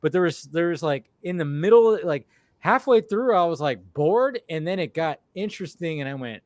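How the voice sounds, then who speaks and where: A man's voice: fairly high pitch, animated, normal speed, dry recording. Profane rambling man, dry sound. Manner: rambling, profane, repeats himself. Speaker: host. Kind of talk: casual film discussion.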